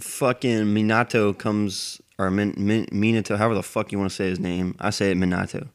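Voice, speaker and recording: A man's voice: fairly low pitch, fairly even intonation, fairly quick. A man rambling in a casual monologue, cursing heavily as he goes. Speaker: anime fan vlogger.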